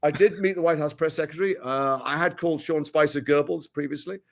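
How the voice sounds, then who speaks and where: A man's voice: a little high, gravelly, a loud crowd. A man from Britain, talking frankly and wryly as an actor guest in an interview. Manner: animated, wry, frank, quick-talking. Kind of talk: candid interview conversation.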